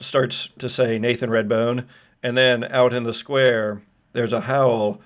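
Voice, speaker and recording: A man's voice: mid-range voice, level tone, slow. A man narrating vivid scenes as game master of a tabletop role-playing game. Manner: vivid descriptive storytelling.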